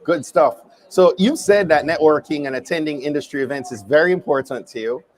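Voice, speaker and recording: A man's voice: a little high, brisk. A man with a Jamaican accent, hosting a live interview at a conference booth in an upbeat, welcoming way. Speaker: livestream host.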